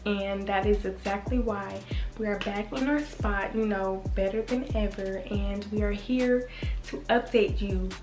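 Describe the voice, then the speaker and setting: A woman's voice: medium pitch, steady tone, a little slow, over music. Chatty young woman vlogger, echoey. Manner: chatty, talks straight to the camera with filler words. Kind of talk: casual vlog chat to viewers.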